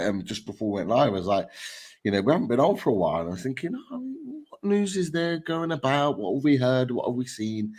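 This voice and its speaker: A low-pitched man with a husky voice hosts a casual football podcast. He talks enthusiastically with plenty of ums and uhs. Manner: enthusiastic, chatty with many fillers. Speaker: podcast host.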